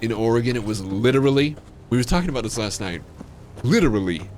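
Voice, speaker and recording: In an expressive, darkish mid-range voice, a livestream gamer host tells a loose story at a quick pace. He swears freely and his speech is cluttered with fillers and restarts.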